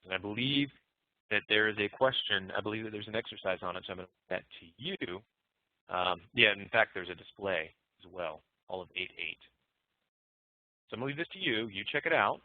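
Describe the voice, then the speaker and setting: Low-voiced man lecturing over tinny audio. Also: fairly quick, no room sound. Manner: relaxed, thinking aloud with fillers and restarts. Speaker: programming instructor. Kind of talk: recorded lecture explaining code. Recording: muffled phone-like dry audio.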